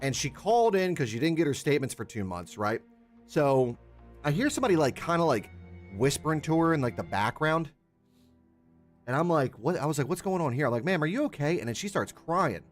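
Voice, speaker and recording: A man's voice: fairly high pitch, big pitch swings, fairly quick, faint music behind. A young man streaming a survival game, chatting casually with his viewers, rambling and swearing a lot and greeting chatters by name. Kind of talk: casual gaming livestream chat.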